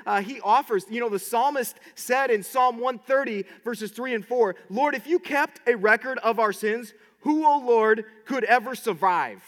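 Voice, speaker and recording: A man preaching a sermon, excited and passionate, often repeating words as he restarts his sentences. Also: extremely high pitch, in a large hall.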